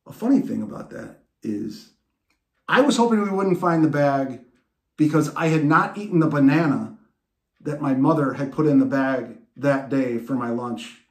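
A man hosting a podcast and telling a personal story in an animated way, with restarts and laughs. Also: medium pitch, normal speed, roomy sound. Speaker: podcast host. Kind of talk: storytelling monologue.

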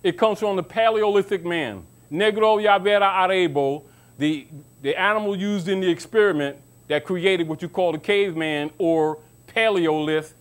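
High-voiced man lecturing, preachy. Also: normal speed. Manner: preachy, rhetorical questions, mocking asides; calls listeners baby. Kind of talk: informal lecture to an audience.

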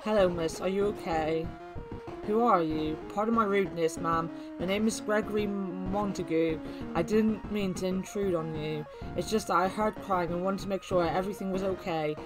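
A woman voicing a humble, kindly male farmer, a grieving widower who speaks with gentle, old-fashioned politeness. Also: on the low side, fairly even intonation, moderate pace, natural voice. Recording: game music playing behind.

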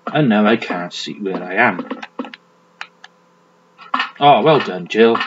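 Man, gameplay commentary, crude jokes, lively up-and-down voice, slow delivery. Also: fairly low pitch, a little hiss or hum. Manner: crude, joking, talks to the game character. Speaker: gaming commentator. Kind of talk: let's play commentary. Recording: dull lo-fi mic with game music. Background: game music.

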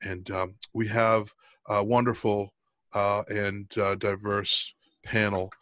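Middle-aged guy hosting a podcast, lowish voice, lots of ums, dry close sound. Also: level tone, takes it slowly, fairly bright tone, no room sound. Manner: rambling with many ums and restarts. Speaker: podcast co-host. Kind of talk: casual podcast chat.

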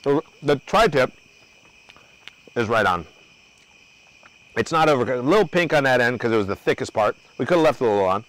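A man's voice: medium pitch, expressive, fairly quick, pauses often, a bit bright, rough recording. A man hosting an outdoor cooking demo at a grill, talking loosely and joking with his crew and the viewers. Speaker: cooking show host.

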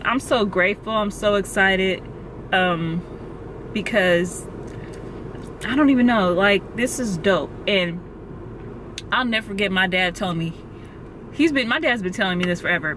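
Young woman gushing into her phone cam in the car, gasps a lot, faint traffic noise behind. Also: mid-range voice. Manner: gasping, exclaiming, talking fast and excitedly. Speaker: vlogger. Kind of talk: excited casual vlog. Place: in a parked car. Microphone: phone camera held close.

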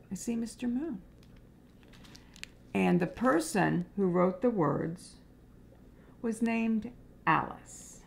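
Slow gravelly woman reading a picture book. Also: mid-range voice. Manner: gentle, explaining pages to little ones. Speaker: preschool teacher.

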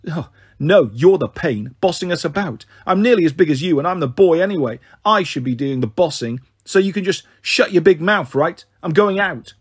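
A cheeky, bossy young boy, as a man reads him, taunting and defiant. The voice is husky and set in a dry, close recording. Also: fairly high pitch, animated, moderate pace, no echo.

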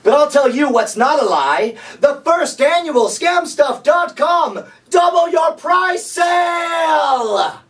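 Guy doing a cheesy infomercial huckster, high and shouty, drags every word out, mic kinda far off. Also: very animated, exaggerated voice. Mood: hammy. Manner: booming, drawn-out salesman delivery. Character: over-the-top male infomercial pitchman, huckster.

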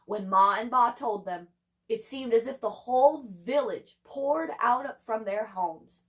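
A young woman, a teacher, reading a chapter book aloud to her class with animated, chatty asides to her students. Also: on the high side, unhurried.

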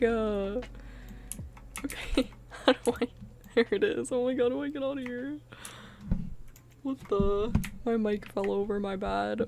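A young woman giving casual, chatty gameplay commentary, easily startled and quick to make fun of herself. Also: mid-range voice, big pitch swings, creaky, warm tone, soft background music. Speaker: gaming video creator.

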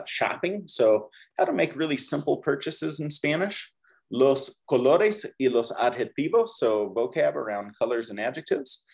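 A man's voice: mid-range voice, vocal fry, a little mellow. A man teaching a beginner Spanish class, upbeat, leading the students in call-and-repeat drills. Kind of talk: classroom language lesson.

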